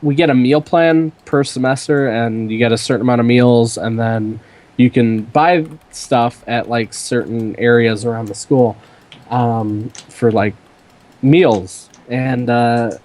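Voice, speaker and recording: A man's voice: mid-range voice, measured pace, darkish tone. A young man hosting a podcast, telling a rambling story in casual chat with lots of fillers. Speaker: podcast host.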